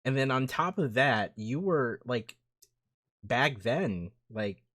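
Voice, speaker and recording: A man's voice: mid-range voice, expressive, takes it slowly, a bit bright. A man guesting on a podcast, reminiscing casually with his old college friend, enthusiastic and rambling with lots of "like" and "dude".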